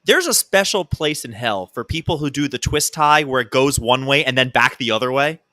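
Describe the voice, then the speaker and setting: A man's voice: mid-range voice, expressive, normal speed, pushed and bright, no room sound. A man hosting a casual comedy podcast, bantering with his co-host and hyping the show with announcer-style intros.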